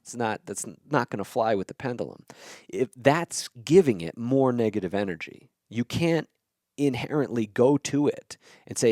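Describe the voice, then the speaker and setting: A man's voice: medium pitch, animated, normal speed, darkish tone, no echo, clean studio sound. A man hosting a podcast, talking through ideas in a casual, blunt way, swearing freely and checking in with "okay?" and "right?". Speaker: podcast host. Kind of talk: casual explanatory monologue.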